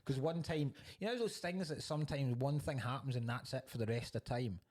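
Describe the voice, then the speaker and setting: Scottish man, podcast co-host, casual storytelling, swears a lot, laughs often, mid pitch. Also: fairly quick, darkish tone. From Scotland. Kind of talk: casual chat.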